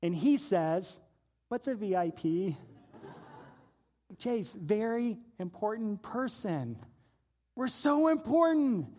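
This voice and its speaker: A man's voice: high-pitched, expressive, slow pace, long pauses, mellow. A man in his forties preaching a sermon, telling a playful personal anecdote and acting out the voices in it. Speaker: pastor.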